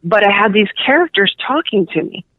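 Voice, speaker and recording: A woman's voice: medium pitch, big pitch swings, brisk, no echo. A middle-aged woman with a Cuban New Yorker accent, chatting as a guest author in a rambling way, full of fillers. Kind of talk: casual interview chat. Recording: tinny phone line.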